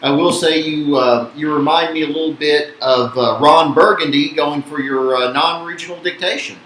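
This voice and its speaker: A man helping out on a card break, answering briefly and easily, his voice a little high. The room is echoey, with a faint hum of noise behind him. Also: moderate pace, fairly bright tone. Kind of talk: casual chat.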